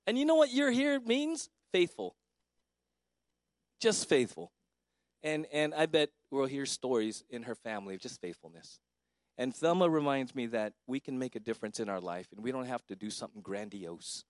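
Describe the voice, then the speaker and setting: A man's voice: mid-range voice, lively intonation, moderate pace, dry recording. Man, middle-aged pastor, memorial eulogy, conversational, dry sound. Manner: conversational, warmly personal, with filler words.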